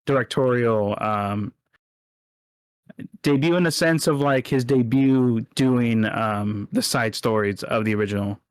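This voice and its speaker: A man's voice: medium pitch, measured pace, clear, resonant tone, no room sound. Rambling man on a podcast. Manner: rambling, self-correcting, laughs often. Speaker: podcast co-host. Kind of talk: casual chat.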